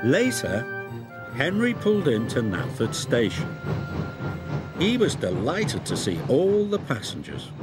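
A man narrating a children's train story in an expressive, deliberate way. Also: medium pitch. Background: loud background music.

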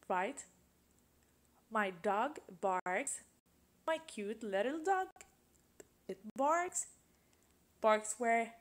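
A woman teaching an English grammar lesson, patiently asking questions and repeating example sentences. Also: on the high side.

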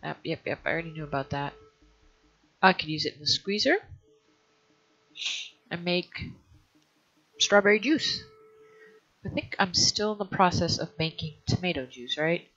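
A woman's voice: on the low side, normal speed, pauses often, a bit bright. A woman hosting a let's play, thinking aloud in a hesitant way and often trailing off mid-sentence. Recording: dull lo-fi recording.

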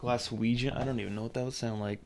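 A man's voice: mid-range voice, fairly even intonation, quick pace, background noise. A man streaming a survival game, rambling casually, swearing and restarting his sentences. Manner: rambling, profane, self-interrupting. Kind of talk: casual gaming commentary.

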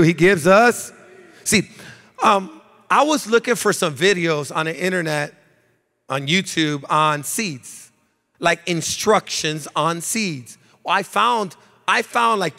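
High-voiced preaching pastor in a reverberant hall. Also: male voice. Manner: preaching with sung, shouted emphasis and repetition. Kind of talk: sermon. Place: church sanctuary. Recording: long reverb of a church hall.

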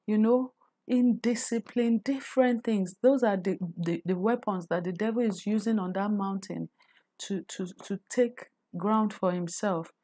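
A woman's voice: mid-range voice, mellow. A woman with a Nigerian accent teaching a faith-based career lesson, earnest and preachy, often repeating words as she builds her point. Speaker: career coach.

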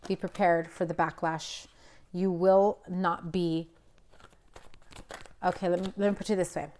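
Young woman tarot reader, slightly low voice, blunt and emphatic, casual chatty delivery. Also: level tone, measured pace, a little mellow. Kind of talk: casual tarot reading to camera.

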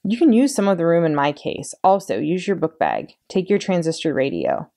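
A woman's voice: fairly low pitch, sing-song, moderate pace, gravelly, mellow. A woman doing a prim, bossy older sister. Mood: planning. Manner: precise, correcting, self-assured.

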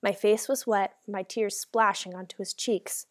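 A woman's voice: medium pitch, fairly even intonation, measured pace. A woman narrating a first-person novel as an audiobook, reading in a dramatic, emotional way.

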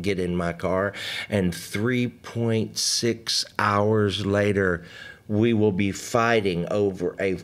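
An older man, hosting a live stream in a folksy, joking way and chatting with viewers. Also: on the low side. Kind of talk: casual live-stream chat and hymn singing.

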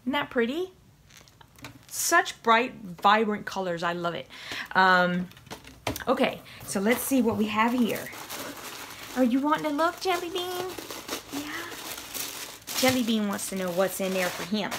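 A woman's voice: mid-range voice, measured pace, pauses often, noisy background. A young woman chatting through an unboxing at home, gushing and giggling, cooing and whispering to her cats. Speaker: vlogger unboxing a subscription box. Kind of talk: casual unboxing vlog chatter.

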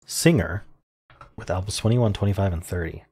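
A man solving a crossword out loud, muttering clues and thinking aloud in an unsure, self-questioning way. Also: deep voice, moderate pace, breathy edge. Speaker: puzzle-solving video creator.

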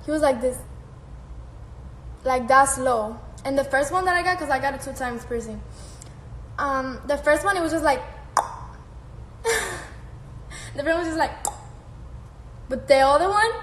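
A young woman with a high voice chats slowly and casually on a phone live stream, answering fan comments with frequent laughs and casual swearing. The sound is roomy and echoey, with faint background noise. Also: fairly bright tone. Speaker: livestreamer reading fan comments.

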